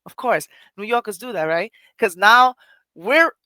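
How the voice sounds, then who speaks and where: A woman's voice: mid-range voice, animated, unhurried, pushed and bright, no room sound. A woman host with a New York Puerto Rican accent, telling a personal story emphatically and repeating phrases. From Puerto Rico. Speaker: poetry podcast host.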